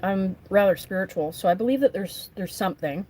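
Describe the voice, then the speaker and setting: A woman with a mellow voice talks a little fast, casually chatting on a live stream from her camper van to her viewers and her dogs. This vanlife vlogger's pitch jumps up when she addresses the dogs. The poor audio has a little hiss or hum.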